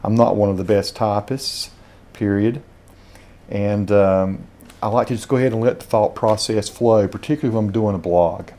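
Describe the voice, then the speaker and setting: A man with a Southern Appalachian accent, reviewing dictation software as he speaks punctuation commands aloud. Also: lowish voice, fairly even intonation, a little fast. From Southern Appalachia, USA. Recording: home video.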